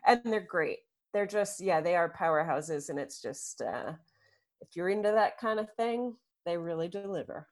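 A woman in her thirties, from the United States, co-hosting a casual chat and telling jokey, animated stories. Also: lowish voice, normal speed. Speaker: podcast co-host.

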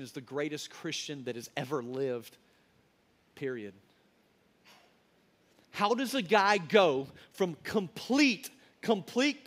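High-voiced man preaching with slangy emphasis. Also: a bit bright. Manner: colloquial, emphatic storytelling. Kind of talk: sermon.

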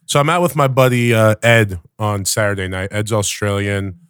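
A man's voice: lowish voice, steady tone, normal speed, fairly bright tone, smooth, no echo, clean studio sound. A young man co-hosting a podcast, rambling through anecdotes with lots of fillers in casual chat. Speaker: podcast co-host.

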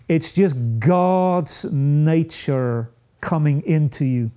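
A man preaching a sermon, slow and emphatic, with dramatic pauses and rising peaks. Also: a little high, lively intonation, warm tone.

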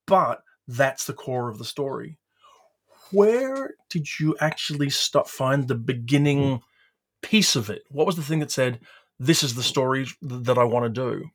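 A man co-hosting a podcast interview, enthusiastic and talking his points through at length before asking a question. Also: medium pitch. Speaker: podcast co-host. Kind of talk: casual interview talk.

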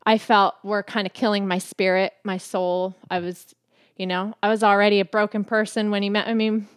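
A woman's voice: medium pitch, level tone, normal speed, clear, resonant tone, no echo, clean studio sound. A woman co-hosting a casual faith-based talk about marriage with her husband, speaking earnestly and reflectively and laughing often. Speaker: podcast co-host, wife.

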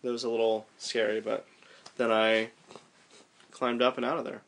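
Guy with a gravelly voice, middle pitch, animated retelling of a scary climb. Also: normal speed. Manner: animated storyteller, shouts in quoted lines. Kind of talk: casual recounting of a climb.

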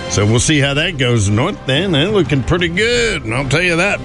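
A man's voice: a little high, big pitch swings, moderate pace, music in the background. A man hosting a morning show, chatting casually and rambling with fillers and chuckles. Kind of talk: casual radio chat.

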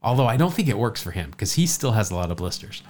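A man's voice: on the low side, very animated, fast talker, darkish tone. A man co-hosting a casual podcast, telling a jokey baseball story, often stumbling and repeating words.

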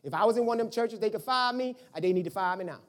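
A middle-aged pastor preaching a sermon in a conversational, animated way, firing off rhetorical questions at the congregation. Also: medium pitch, very fast.

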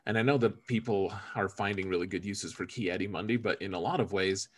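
A man with a somewhat low voice chats on a gaming podcast, animated and joking. He often stammers and restarts his sentences as he talks. The talk is casual, between friends. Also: fairly quick. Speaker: podcast co-host.

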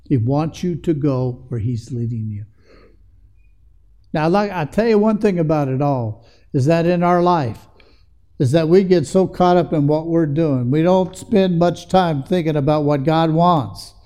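A man's voice: on the high side, measured pace, dark tone. A man preaching a sermon in an earnest way that builds to emphatic passages.

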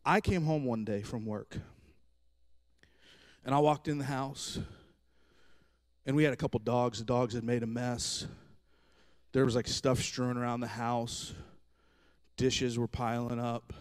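Male pastor, thirties, storytelling sermon, animated, self-mocking humor, mid pitch. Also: a little slow, pauses often.

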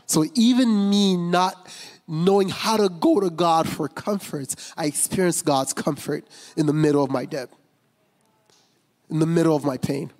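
Here the pastor's voice sits on the high side with a darkish tone, moving at a measured pace. His testimony is candid and chatty, peppered with fillers and false starts, and the big sanctuary wraps everything in long reverb.

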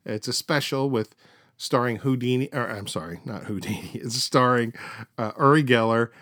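A man's voice: mid-range voice, moderate pace, a bit bright, dry recording, clean studio sound. A middle-aged man hosting a podcast, telling stories in a chatty way full of fillers and restarts. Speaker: podcast host. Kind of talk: casual storytelling.

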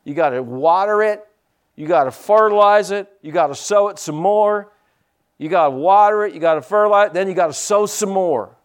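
This male pastor's voice sits high and smooth, at a moderate pace. His sermon is conversational, full of frequent amens, swinging between quiet asides and louder emphatic points.

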